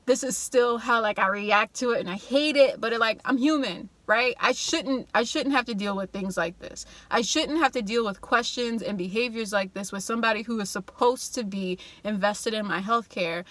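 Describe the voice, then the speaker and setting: Bright-voiced young woman telling a story. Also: mid-range voice, dry recording. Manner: animated storytelling, acts out quotes in voices, frequent laughter. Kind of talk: casual storytime vlog.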